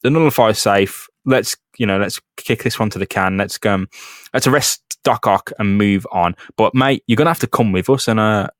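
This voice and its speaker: A man putting on a gruff male army officer, blunt and commanding, in a casual podcast retelling. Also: fairly low pitch, moderate pace, a bit bright, no echo, clean studio sound, pitched below the performer's own voice, close to an everyday voice. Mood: stern.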